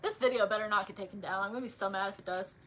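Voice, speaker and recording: A young woman chatting casually and reading her own poems aloud on a livestream, with lots of "like" fillers between softer, quieter poem readings. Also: medium pitch, very fast, slight background noise. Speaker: author reading her poetry.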